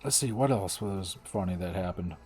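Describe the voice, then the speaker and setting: A man's voice: deep voice, moderate pace, darkish tone, husky, soft background music. A man streaming a game, telling stories in a loose, profane, laid-back way and laughing often. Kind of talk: casual storytelling while gaming.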